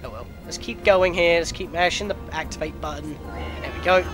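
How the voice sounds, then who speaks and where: A man narrating his gameplay in a chatty, excitable way with sudden outbursts. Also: a little high, a little fast, over music. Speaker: let's player. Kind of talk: gameplay commentary.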